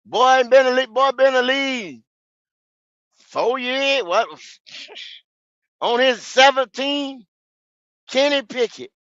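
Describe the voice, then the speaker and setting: A man, hosting a fan podcast, ranting in a profane, repetitive way with sudden shouts. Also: extremely high pitch, slow pace, pauses often, no echo, muffled recording. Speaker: podcast host. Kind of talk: football fan podcast rant.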